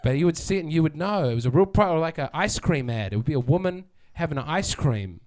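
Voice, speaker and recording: A man's voice: a little high, expressive, fast, a little mellow. A man doing a sardonic stand-up set, chatting with the crowd and acting out quotes. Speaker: stand-up comedian. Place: comedy venue with live audience.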